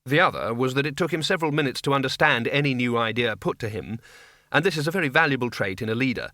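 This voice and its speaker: A man's voice: mid-range voice, fast, bright, forceful tone, dry recording. A man narrating a comic fantasy audiobook in a dry, wry storytelling manner on a close studio mic. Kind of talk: scripted narration.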